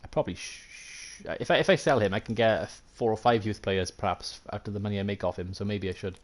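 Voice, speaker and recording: Welsh male streamer, lowish voice, chatty running commentary, self-deprecating asides to viewers. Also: fast talker. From Wales. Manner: thinks aloud, chatty, self-mocking, answers chat. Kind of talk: live gameplay commentary.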